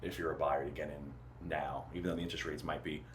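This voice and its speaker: Very deep-voiced man, faint hiss. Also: little pitch movement, fast, a bit bright. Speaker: real estate agent. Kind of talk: casual chat. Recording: faint background noise.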